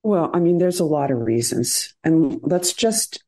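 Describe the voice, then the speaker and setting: A middle-aged woman surgeon, a podcast guest, explaining in an earnest, measured way with hesitant fillers. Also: deep voice, expressive, dark tone.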